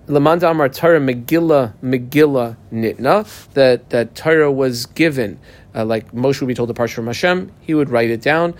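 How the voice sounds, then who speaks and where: A slightly higher-voiced man leads a Talmud class and talks through the text step by step. He often stumbles and restarts his phrases, and pauses to tell students which words to underline and mark. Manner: halting restarts, dictates markings to students. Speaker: Talmud teacher.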